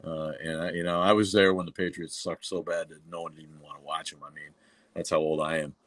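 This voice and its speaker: A man's voice: very deep voice, flat delivery, quick pace, a bit bright, no echo. A middle-aged man from New England with a New England accent, hosting a casual livestream and talking bluntly and profanely, with many fillers and restarts. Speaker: livestream host.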